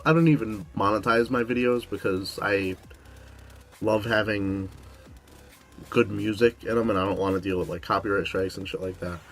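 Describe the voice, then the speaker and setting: Young man rambling in a vlog. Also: on the low side. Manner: rambling, heavy on "like" fillers. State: losing his voice. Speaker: YouTube host. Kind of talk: casual vlog Q&A.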